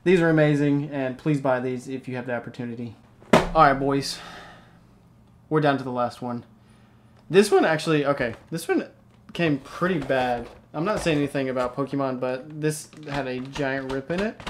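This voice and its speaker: A man hosting a casual unboxing video, talking excitedly and rambling as he opens card packs. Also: mid-range voice, normal speed, slight background noise. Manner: excitable, rambling, hyped reactions. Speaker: card-opening channel host.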